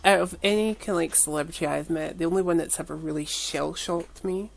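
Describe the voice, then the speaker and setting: A woman in casual podcast chat, telling animated stories and quoting herself. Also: on the low side, a little fast, creaky. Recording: crowd noise behind.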